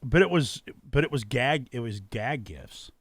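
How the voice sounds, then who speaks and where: A man's voice: medium pitch, expressive, a little slow, slightly rough, no echo. A man co-hosting a podcast, telling a story in casual chat, swearing a lot and laughing often. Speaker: podcast co-host.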